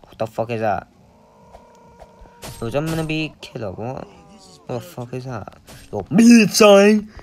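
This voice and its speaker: A young gamer giving casual, excitable commentary on play, swearing often and breaking into silly singing. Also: medium pitch, unhurried, pauses often. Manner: excitable, swears a lot, sings and squeals. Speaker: gameplay commentator.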